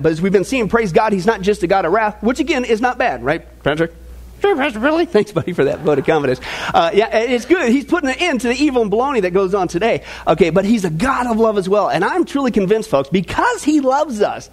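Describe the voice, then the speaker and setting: A man preaching as pastor, joking with the congregation and talking to them directly. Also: high-pitched. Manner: joking, lively, talks to the audience. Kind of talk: sermon with jokes.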